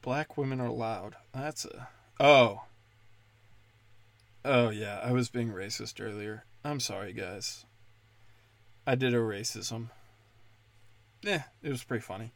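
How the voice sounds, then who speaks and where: A man's voice: mid-range voice, takes it slowly, gravelly, long pauses, dry recording. Male podcast host, mid-range voice, profane and sarcastic, loose rambling delivery, dry close sound. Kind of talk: casual rambling monologue.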